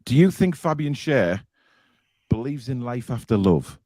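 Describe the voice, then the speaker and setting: A man's voice: medium pitch, very animated, unhurried, dark tone, no room sound. A man hosting a casual live fan show, reading out viewer comments and teasing his co-hosts. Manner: teasing, jokey, reads comments aloud.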